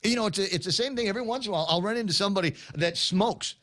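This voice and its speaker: A man's voice: high voice, rapid-fire, a bit bright, no room sound, clean studio sound. A man in his fifties hosting a morning talk show, speaking in a rambling, rhetorical, incredulous way. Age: 50s. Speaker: radio talk show host. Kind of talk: morning talk-radio monologue.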